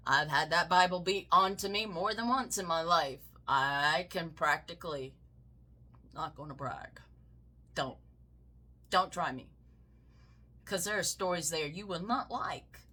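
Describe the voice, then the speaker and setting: A woman's voice: lowish voice, unhurried, pauses often, bright, forceful tone, breathy edge. A Southern woman giving heated, profane political commentary, swinging into mocking shrieks. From American South.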